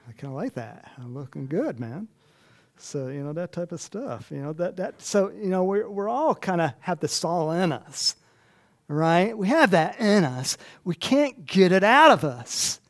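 A man's voice: high voice, big pitch swings, a little slow. A man preaching a conversational sermon in a church, chatty and self-deprecating, laughing often. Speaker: pastor.

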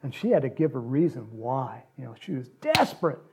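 A man preaching a sermon, retelling a gospel story with animated storytelling and acted-out lines. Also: mid-range voice, fairly quick, slightly rough. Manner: animated storytelling, acts out quotes, laughs often.

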